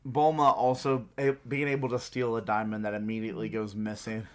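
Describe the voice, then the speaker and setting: A man's voice: on the low side, little pitch movement, brisk, a little hiss or hum. A man co-hosting a podcast, chatting in an easygoing way, laughing and putting on voices for quotes. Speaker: podcast co-host. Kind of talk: casual chat recapping an anime.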